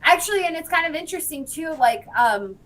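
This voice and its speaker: A woman recapping TV episodes in casual chat, telling the story with lots of fillers and quick bits of the characters' lines. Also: very high-pitched, expressive, fairly bright tone, rough recording. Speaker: podcast guest.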